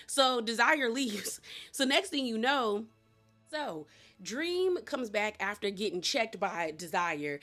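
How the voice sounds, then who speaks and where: A woman reviewing a TV show, chatting through a casual recap in a slangy manner with quick asides. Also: fairly high pitch, sing-song, pushed and bright, soft background music.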